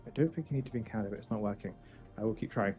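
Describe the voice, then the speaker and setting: A man streaming a game for charity in casual, joking chat, swinging from loud outbursts to quiet muttering. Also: on the low side, racing, soft background music.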